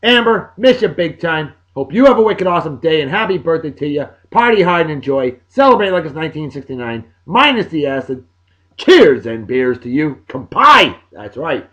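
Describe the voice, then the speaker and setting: A middle-aged man, hosting a casual podcast and giving exuberant, folksy birthday shout-outs. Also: a little high, very animated, normal speed, muffled recording. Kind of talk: casual chat.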